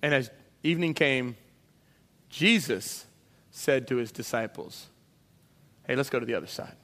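A man preaching a sermon in a lively way, acting out voices of the people in the story as he goes. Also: mid-range voice, measured pace. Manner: animated, acts out voices of disciples and Jesus. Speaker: pastor. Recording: long hall reverb.

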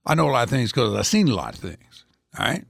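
A man's voice: mid-range voice, big pitch swings, fast talker, vocal fry, dry recording, clean studio sound. A man in his seventies hosting a rambling, folksy one-man commentary, chatting casually and drifting from topic to topic. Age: 70s.

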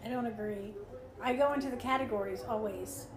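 A woman's voice: on the high side, fairly quick. Chatty woman in a roomy room. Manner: chatty, lots of "like", argumentative. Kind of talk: casual movie commentary chat. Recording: roomy room with faint noise.

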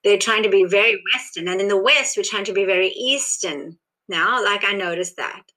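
Bright-voiced South African Indian woman. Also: medium pitch, normal speed, low-quality recording. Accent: South African Indian, mixed with Australian. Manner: rambling, restarts often, laughs softly. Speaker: interviewee. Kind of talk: casual conversational interview.

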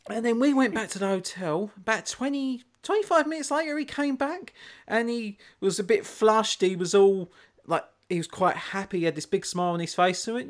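Fairly quick and high-voiced, this male podcast co-host meanders through a story during a casual chat, his speech full of fillers and false starts.

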